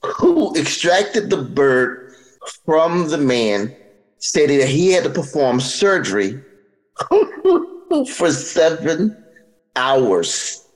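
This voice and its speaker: Lively, laughing male comedy podcast host. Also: on the high side, very slow, pauses often, rough recording. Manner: laughs often while reading aloud. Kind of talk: casual comedic chat.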